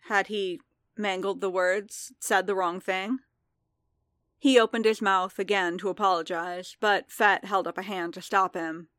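A woman narrating a story in a measured, calm reading voice, close to the mic. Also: medium pitch, no room sound. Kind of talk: audiobook fan fiction reading.

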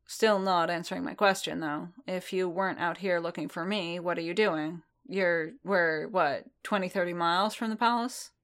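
Worn out blunt warrior dude read by a woman, pushy questions, lowish voice, storybook. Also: steady tone, moderate pace, few pauses. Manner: blunt, pressing, sharp. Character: exhausted, blunt armored male warrior.

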